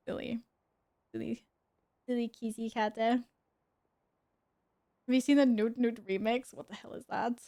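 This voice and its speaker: A woman's voice: fairly high pitch, fairly even intonation, measured pace, pauses often, dark tone. A young woman chatting casually with her viewers while gaming at home, giggling and talking to her cat. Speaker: streamer. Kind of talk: casual gaming stream chat.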